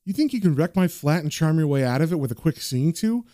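A man's voice: fairly high pitch, animated, fast, warm tone, no room sound, studio quality, close to an everyday voice. A man reading a cheeky woman's banter. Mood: teasing. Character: teasing working-class woman artist.

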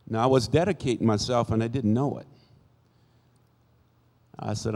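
A man in his sixties gives a church testimony, telling his life story in a folksy way and acting out the people in it. His mid-range voice is creaky and warm, moving at a normal speed with frequent pauses. The long reverb of the church sanctuary fills the recording.

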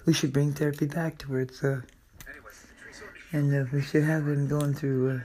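A man's voice: fairly high pitch, flat delivery, moderate pace, mellow. Rambling man in a confessional monologue. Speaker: podcast host. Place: friend's house in the country.

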